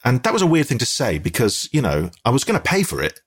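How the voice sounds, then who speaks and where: A man's voice: medium pitch, huge pitch swings, fast talker, breathy edge. A man with an English accent, telling a rambling, self-deprecating story as a guest in a casual conversation, hesitating often.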